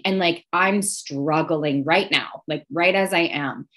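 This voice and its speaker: A woman podcast host talks earnestly and emotionally in conversation, often offering soft affirming murmurs. Her voice sits a little low for a woman. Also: takes it slowly.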